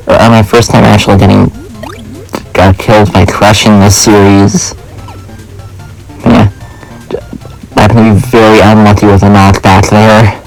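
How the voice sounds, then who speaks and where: A man's voice: on the low side, vocal fry, poor audio. A young man casually commenting on the game he is playing as a let's play host, rambling and self-deprecating with lots of fillers.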